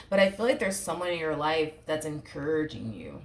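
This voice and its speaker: A woman with a low, deep-set voice talks through a tarot reading in a loose, chatty way. She reassures her listeners over and over, circling back to the same phrases. A faint hiss of background noise sits under her voice. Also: sing-song, fairly quick, hardly any pauses. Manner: chatty, repetitive, reassuring, fillers like "you know what I mean". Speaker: tarot reader. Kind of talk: casual tarot reading to camera.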